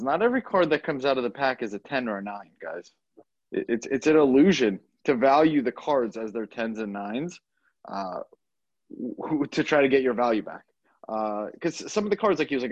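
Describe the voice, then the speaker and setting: A man co-hosting a podcast, relaxed in casual chat with short interjections and dry jokes. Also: mid-range voice, no echo, muffled recording. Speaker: podcast co-host.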